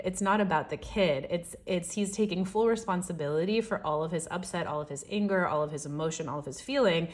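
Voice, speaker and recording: A woman giving a casual, encouraging daily tarot reading, chatty and gentle, often checking in with "right?". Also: on the low side. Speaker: tarot reader.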